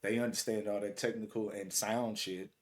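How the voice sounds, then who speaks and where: A man's voice: fairly low pitch, flat delivery, normal speed. A man hosting a casual interview, laid-back and slangy, asking questions and chiming in with short agreements. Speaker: host.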